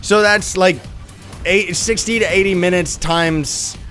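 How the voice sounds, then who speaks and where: A young man with a rough, sick voice, hosting a gaming channel and explaining a game with upbeat, rambling talk. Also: sits high, steady tone, measured pace, a bit bright, soft background music. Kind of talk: let's play tutorial commentary.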